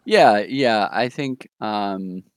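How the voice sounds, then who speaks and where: A man co-hosting a casual podcast, talking through new comic releases in a measured, thinking-aloud way. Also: on the low side, lively intonation, smooth, no room sound. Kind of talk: casual chat.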